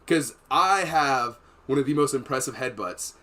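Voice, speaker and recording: A man's voice: mid-range voice, animated, moderate pace, bright, forceful tone. A man hosting a podcast, telling long profane stories in a rambling, casual way and laughing between them. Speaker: podcast host. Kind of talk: casual storytelling chat.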